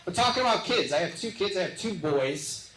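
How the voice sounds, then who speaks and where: A man from the Midwest doing live stand-up comedy, joking back and forth with audience members in quick, punchy bits. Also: high-pitched, lively intonation. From Midwest of the United States. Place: live comedy show venue. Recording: echoey live venue with loud crowd noise. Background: audience laughter and applause.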